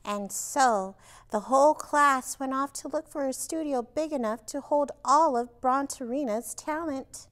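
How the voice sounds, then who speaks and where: A woman librarian reading a storybook aloud to toddlers, animated and expressive with chatty asides. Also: sits high, unhurried. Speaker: children's librarian.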